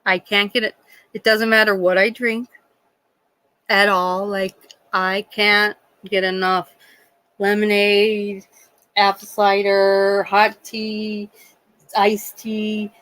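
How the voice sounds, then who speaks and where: A woman's voice: mid-range voice, takes it slowly, pauses often, no room sound, rough recording. A woman working as a nurse, chatting casually with frequent laughter while acting out bits of dialogue. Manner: chatty, animated, often laughing, acts out dialogue. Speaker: nurse and livestream host. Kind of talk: casual storytelling chat.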